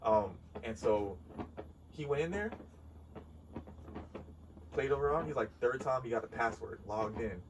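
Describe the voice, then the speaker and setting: A man casually telling a story on a podcast, animated and profane, laughing often. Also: medium pitch, unhurried, pauses often, lo-fi sound. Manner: animated, laughing, swears freely. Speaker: podcast co-host. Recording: distant mic with clear background noise.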